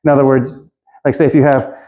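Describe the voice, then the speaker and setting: A man's voice: mid-range voice, flat delivery, fast, dark tone. A man teaching an informal Greek class, chatty and loose, laughing and hunting for his notes as he goes.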